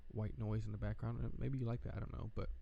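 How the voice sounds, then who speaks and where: Laid-back male streamer, low gravelly voice, rambling casual chat into a desk mic. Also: little pitch movement, fast talker, highs cut off. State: tired, yawning. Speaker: livestream host. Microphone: desk microphone.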